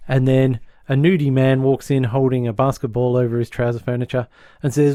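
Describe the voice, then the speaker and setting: Male podcast host with a mid-range voice, dry booth sound, chatty plot recap with quick character voices. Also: medium pitch, flat delivery, warm tone, dry recording. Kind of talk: casual podcast chat.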